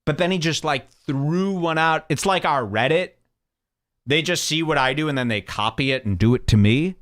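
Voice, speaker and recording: A man's voice: on the high side, moderate pace, a bit bright, no room sound, clean studio sound. A male podcast host telling a story in a casual, mocking way, often jumping into quoted voices.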